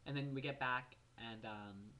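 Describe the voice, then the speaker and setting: A seventeen-year-old guy from New Jersey talking straight to his vlog audience in a mid-pitched voice. He rants in an animated, exasperated way and swears freely as he tells his story. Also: unhurried, a little hiss or hum. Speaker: vlogger. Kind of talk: casual vlog rant.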